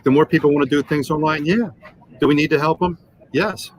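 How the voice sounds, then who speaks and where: A man in his sixties, a sales trainer, telling animated anecdotes and acting out the dialogue in a podcast interview. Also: a little high, fairly quick, a little hiss or hum, low-quality recording. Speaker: guest, automotive sales trainer.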